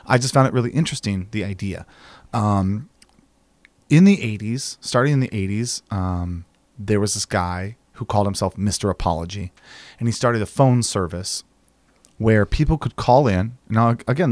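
A man co-hosts a casual podcast and tells his stories with animated energy, acting out other people's lines as he goes. His speech is loose and peppered with casual swearing. The recording is dry and close, with no room sound around his voice. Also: fairly low pitch, normal speed, no echo. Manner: animated storyteller, acts out quotes, swears casually. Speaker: podcast co-host.

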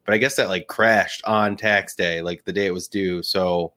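A man's voice: deep voice, fairly even intonation, moderate pace, bright, forceful tone. A man co-hosting a podcast, chatting casually and rambling with lots of fillers. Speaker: podcast co-host.

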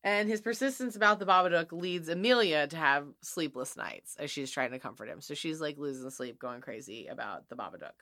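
A bright, animated woman talking casually, her pitch swinging widely as she tells a story. She keeps saying "like" and jokes her way through the plot. Relaxed, chatty podcast energy. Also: fairly quick, hardly any pauses, dry recording, clean studio sound. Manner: lively, jokey, acts out scenes in voices, says "like" often. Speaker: podcast co-host. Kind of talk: casual chat recapping a horror film.

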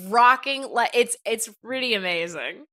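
A woman co-hosting a comedy podcast, animated and joking, laughing often through casual chat. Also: on the high side, normal speed. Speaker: podcast co-host.

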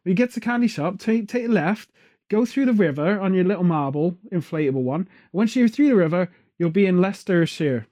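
Joking podcast host, high mellow voice. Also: male voice, animated, brisk. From England. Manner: rambling, joking, off on tangents. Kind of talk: casual chat. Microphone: headphones on, studio mic.

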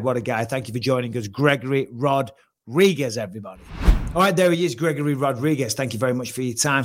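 A man hosting a casual sports talk show, energetic and jokey, who jumps quickly between topics. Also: mid-range voice. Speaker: host.

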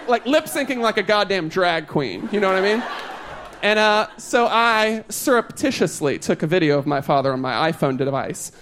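A young man with a notably high voice doing a stand-up comedy set on a live stage. He tells his story in animated bursts, jumping up even higher for emphasis. Faint room noise hangs behind him.

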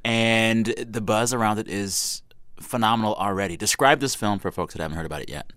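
A man hosting an interview show, asking quick, curious follow-up questions. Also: lowish voice, a bit bright, clear, resonant tone, dry recording, studio quality. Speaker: podcast host. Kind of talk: conversational interview.

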